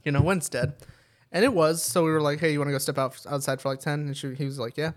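A young man tells a story on a casual podcast, rambling through fillers and curses. His voice sits a little high and he laughs often. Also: fairly even intonation, quick pace. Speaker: podcast co-host. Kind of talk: casual chat.

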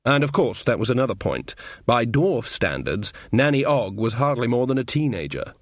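A man narrating an audiobook in a wry, expressive manner. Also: medium pitch, normal speed, no echo, clean studio sound.

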